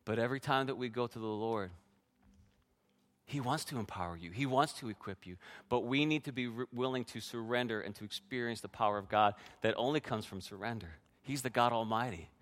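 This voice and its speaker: A man's voice: medium pitch, fairly quick, fairly bright tone. A man preaching a sermon as pastor, sharing his own testimony in an earnest way and speaking directly to the congregation.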